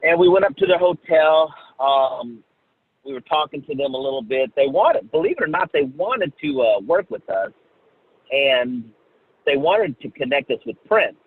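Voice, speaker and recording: A man from Oklahoma, a singer guest, telling a story in a halting casual way with many fillers and restarts, on a tinny phone-like line. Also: a little high, animated, husky. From Oklahoma, USA.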